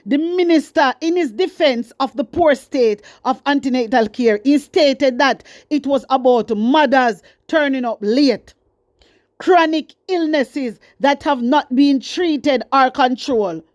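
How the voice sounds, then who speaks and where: Jamaican lady host going off on the news, scolding, repeats stuff, high voice, dead dry mic. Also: measured pace, darkish tone, no echo. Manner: fiery, scolding, repeats herself for emphasis. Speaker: commentary host. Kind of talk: casual news commentary.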